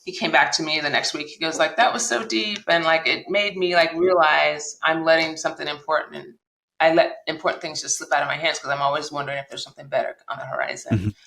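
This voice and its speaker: A woman telling her personal story as a podcast guest, animated and acting out the dialogue she recalls. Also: deep voice, fast talker, echoey room, low-quality recording. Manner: animated retelling, acts out quoted dialogue.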